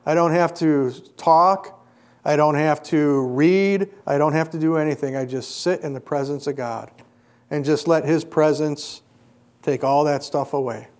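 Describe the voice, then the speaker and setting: A middle-aged male preacher delivering a sermon and telling a personal story, earnest, rising to emphatic peaks and dropping quiet. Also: fairly high pitch, measured pace.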